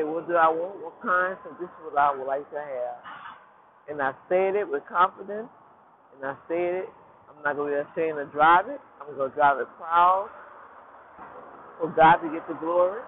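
A man casually telling viewers a personal faith story, animated and repetitive, often turning to talk to them directly. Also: a little high. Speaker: vlogger sharing a personal testimony. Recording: phone-quality line with faint noise.

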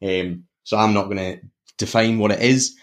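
A man's voice: on the low side, steady tone, moderate pace. A man with a Scottish accent from near Glasgow, chatting casually and mocking himself as a guest. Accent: Scottish, Glasgow area. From Scotland. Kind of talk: casual chat.

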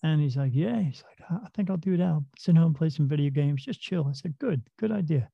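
A man with a gravelly, slightly high voice talks earnestly and casually, swearing now and then. The sound is dry and a little dull, like a cheap lo-fi mic. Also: animated, fairly quick, no room sound. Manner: earnest, plain-spoken, drops mild swearing. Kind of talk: casual conversational storytelling.

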